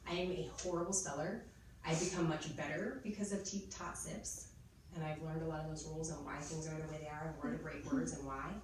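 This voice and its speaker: A woman's voice: sits low, fairly even intonation, brisk. A woman in her thirties training teachers, chatty and explaining step by step as she models spelling drills. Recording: echoey room, mic far off, noisy.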